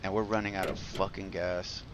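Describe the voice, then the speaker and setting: A man's voice: low-pitched, flat delivery, moderate pace, noisy background. A man casually telling a long story while live-streaming a game, rambling with lots of fillers, restarts and swearing.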